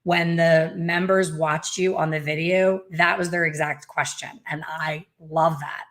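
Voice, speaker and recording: A middle-aged woman with a fairly low voice, chatting casually over a video call. She talks in an animated, chatty way and tosses in playful jokes at her own expense. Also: unhurried. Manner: chatty and animated, with playful self-mocking asides. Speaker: hair color educator and host. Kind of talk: casual video chat interview.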